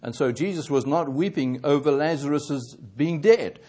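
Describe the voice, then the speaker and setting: A man preaching a sermon, halting and correcting himself often, growing more emphatic as he presses his points. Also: fairly high pitch, a little mellow. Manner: halting, with many fillers and self-corrections.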